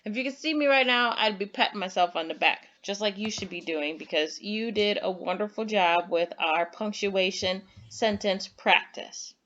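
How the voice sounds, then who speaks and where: A woman teacher gives an online lesson to young children, patient and encouraging, reading example sentences aloud with exaggerated emphasis. Her fairly bright, medium-pitched voice moves at a moderate pace with hardly any pauses. The highs in the recording are cut off.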